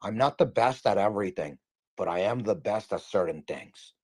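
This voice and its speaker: A man's voice: fairly low pitch, expressive, normal speed, no room sound. A man hosting a livestream, talking in a boastful, rambling, emphatic way. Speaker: livestream host. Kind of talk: hyped casual stream talk.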